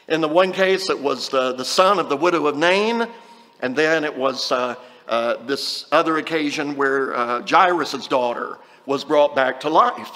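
High, bright-voiced male preacher in a hall. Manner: conversational, with scripture readings and restarts. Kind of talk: sermon.

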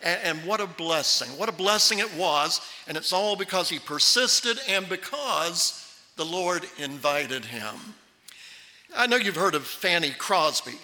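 A man preaching a sermon as pastor, animated and acting out the Bible voices. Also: sits high, unhurried, big-room sound.

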